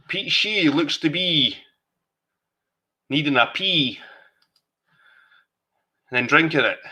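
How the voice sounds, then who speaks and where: A man's voice: on the high side, bright, forceful tone. A slightly tipsy Scottish man hosting a livestream, chatty, sweary and rambling in casual conversation. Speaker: livestream host. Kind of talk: casual chat.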